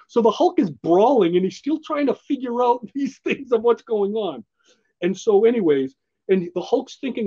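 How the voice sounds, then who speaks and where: Husky high-voiced man gushing about comics. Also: lively intonation, moderate pace, dark tone, lo-fi sound. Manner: enthusiastic, rambling, laughs often. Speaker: podcast co-host presenting a comic. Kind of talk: casual comic book chat.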